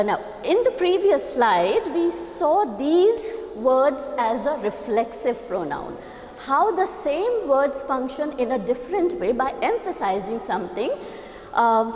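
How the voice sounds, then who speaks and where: A woman with an Indian English accent teaching a grammar lecture, explaining step by step and often checking with "okay?" and "right?". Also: high-pitched. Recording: echoey, reverberant room.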